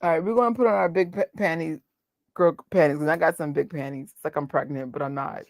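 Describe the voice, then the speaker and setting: Her voice is deep and darkish, with a steady tone and a fast delivery, captured in clean, echo-free studio sound. Hosting a live movie watch party, she bursts into emotional, exclaiming rants and cracks jokes with frequent laughter.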